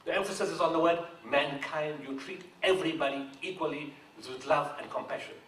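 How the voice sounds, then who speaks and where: A man's voice: on the high side, a little fast, a bit bright. Earnest man in echoey hall. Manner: earnest, rising to emphatic declarations. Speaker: founder of the charity, speaking at a book launch. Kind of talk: public speech. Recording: echoey hall from a distance, faint noise.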